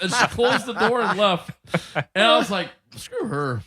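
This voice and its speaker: A man's voice: sits high, moderate pace. A man with a Northwest Ohio accent hosting a podcast, telling stories in casual chat, laughing often and acting out the people in them. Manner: animated storyteller, acts out voices, laughs often. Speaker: podcast host.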